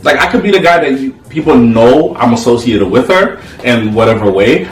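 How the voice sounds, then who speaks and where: Calm, hesitant man in an echoey room. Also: medium pitch, moderate pace, soft background music. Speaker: co-host of a couple's channel. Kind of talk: casual relationship chat over a meal. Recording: echoey room, mic at a distance.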